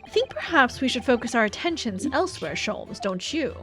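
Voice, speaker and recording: A woman reading the lines of a polite, earnest young male lawyer in a formal, measured way. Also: fairly high pitch, very animated, fairly bright tone, faint music behind.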